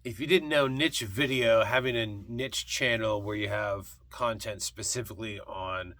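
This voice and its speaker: A man of partly Scottish heritage hosts a casual vlog chat about thrift-store records. His voice is fairly low and fairly bright, at a measured pace. He rambles, full of ums, uhs and restarts.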